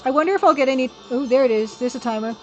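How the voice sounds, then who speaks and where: High-pitched woman chatting on her live stream, rambly and giggly, soft music playing behind. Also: rapid-fire. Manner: chatty, rambling, thanks viewers and laughs often. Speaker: streamer hosting an art stream. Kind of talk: casual live-stream chat. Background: faint music from a record player.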